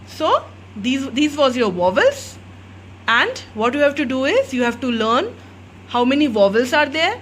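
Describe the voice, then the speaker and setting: A woman teaches phonics to small children, repeating each letter sound in a slow, sing-song drill. Her voice sits high and swoops up and down with lively pitch. A faint hum of noise lies behind her. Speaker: kindergarten teacher. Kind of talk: phonics lesson for young children.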